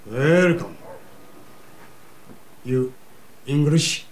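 An actor playing a cheerful, chatty sushi chef who speaks broken English with a Japanese accent. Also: male voice, mid-range voice, animated, extremely slow. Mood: friendly. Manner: broken English, jovial and teasing, bursts into yelling. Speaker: sushi bar owner.

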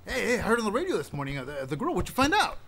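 A man's voice: sits high, wildly swooping pitch, racing, gravelly, a bit bright, full character voice. An actor playing a nosy, jittery man who stammers as he presses for news. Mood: curious.

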